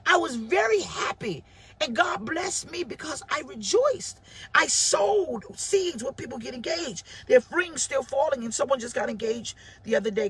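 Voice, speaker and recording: A woman in her forties preaching an animated livestream sermon, calling out viewers by name and raising her voice often. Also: high voice, breathy edge. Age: 40s. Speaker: pastor.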